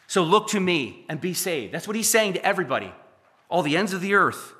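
Bright-voiced man preaching fervently. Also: high-pitched, sing-song, fairly quick. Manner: building from quiet to fervent, emphatic preaching. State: sweating and dry-mouthed. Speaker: pastor. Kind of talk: sermon.

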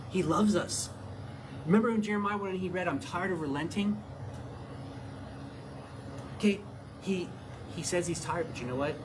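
A man preaching a sermon in an animated way, often asking his listeners questions. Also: sits high, noisy background. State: out of breath.

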